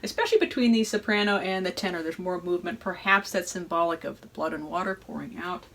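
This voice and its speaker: Hosting an informal music analysis lesson, a female music educator thinks aloud reflectively, hesitating and checking in often with "right?". Her voice is on the low side and fast, and the low-quality recording has loud choral and organ music playing underneath.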